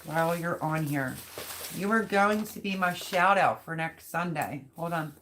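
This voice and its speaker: A woman's voice: sits low, measured pace, a bit bright, slight background noise. A woman hosting a casual live stream who chats and rambles to viewers while reading their comments aloud. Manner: chatty, rambling, talks straight to viewers. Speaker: livestream host reading chat.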